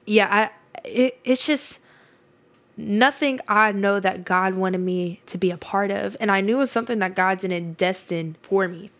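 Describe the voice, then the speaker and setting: A woman hosting a faith podcast in a casual, earnest, emphatic way, often restarting her sentences. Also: medium pitch. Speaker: podcast host.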